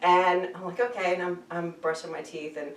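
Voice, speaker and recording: A woman guest, an animal communicator, telling stories in an animated, chatty way and laughing often. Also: on the low side, normal speed. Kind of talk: casual storytelling interview. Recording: echoey room, distant mic.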